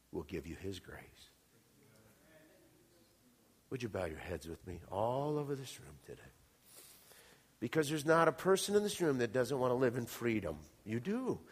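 A man's voice: medium pitch, husky, big-room sound. A man preaching a sermon to a congregation, impassioned and calling out to the room. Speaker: pastor. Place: church hall.

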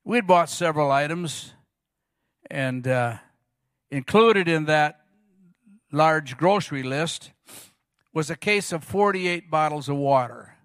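A middle-aged man preaches from the pulpit in a high, bright, forceful voice. He tells stories in a lively way and acts out the people he quotes. The sound is dry and close, with no room around it. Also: takes it slowly, pauses often, smooth, no room sound. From Arizona. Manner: storytelling, animated retelling with quoted voices. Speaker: pastor. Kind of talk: sermon.

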